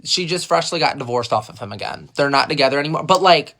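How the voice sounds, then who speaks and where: A young man telling a story in a casual storytime vlog, animated and gossipy, swearing freely. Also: a little high, fast talker, vocal fry.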